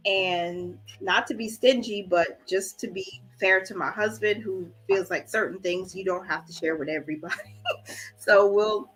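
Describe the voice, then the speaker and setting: Female budgeting host on a casual livestream, bright tone, emotional, holding back tears, faint music underneath. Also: medium pitch, moderate pace. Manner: warm, encouraging, reads viewer comments aloud. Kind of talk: casual livestream chat with viewers.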